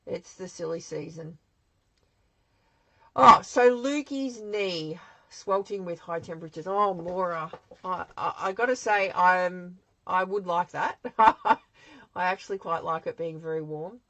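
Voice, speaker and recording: A woman's voice: fairly low pitch, unhurried, bright, forceful tone, no room sound, poor audio. An Australian woman hosting a live craft demonstration from her home craft shed, chatting in a rambling way and answering viewer comments as she works.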